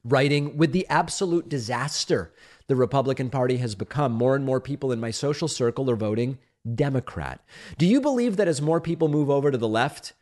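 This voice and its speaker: A middle-aged man born in Argentina hosts a political talk show, reading listener letters aloud and answering them at length. His delivery is conversational and emphatic, with a playful defensiveness when he is criticized. His voice sits at an ordinary mid pitch. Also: animated, fairly quick, a little mellow.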